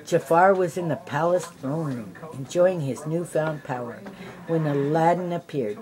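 An older woman reading a children's storybook aloud, adding gentle asides for the listening kids. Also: low voice, a little slow, rough recording. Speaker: storybook reader.

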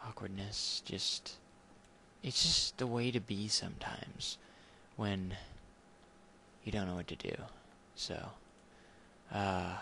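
A man's voice: on the low side, takes it slowly, vocal fry, pauses often, sharp tone, a little hiss or hum. A young man talking casually and awkwardly over his gameplay, rambling and apologizing as he goes. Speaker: gamer. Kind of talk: casual let's play commentary.

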